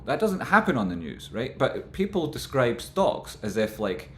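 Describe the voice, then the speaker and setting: A man rambling through casual stock market commentary, with animated, exasperated rants. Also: mid-range voice, normal speed, echoey room, a little hiss or hum.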